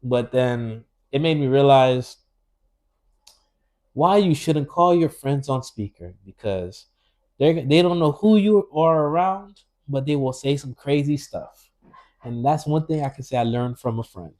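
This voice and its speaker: A laid-back man speaks slowly and easily in a casual podcast chat. His voice sits in a middle range, and he drops street slang and breaks into laughs as he tells his story. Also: mid-range voice, lively intonation, a little mellow. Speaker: podcast co-host.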